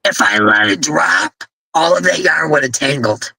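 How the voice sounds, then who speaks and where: Gravelly, tired woman chatting live. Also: extremely low pitch, very animated, moderate pace, crowd noise. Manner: chatty, laughing, self-deprecating. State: exhausted from little sleep. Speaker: crochet channel host. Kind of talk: casual livestream chat.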